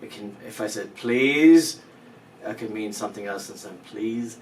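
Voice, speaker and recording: This language lesson features a man with a lowish, level voice talking fairly quickly as he patiently walks through pronunciation step by step, joking lightly. A distant mic picks up roomy echo and faint background noise.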